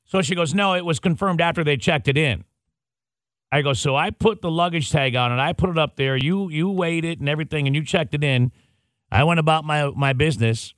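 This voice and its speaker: A man hosting a morning radio show, telling a story in a casual, animated way and acting out the dialogue. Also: fairly high pitch, fairly quick, no room sound.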